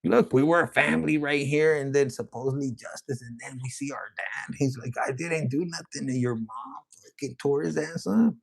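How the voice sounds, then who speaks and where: A man giving a casual tarot reading, rambling, profane and excitable. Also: medium pitch, normal speed, vocal fry, few pauses, slightly rough. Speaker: tarot reader.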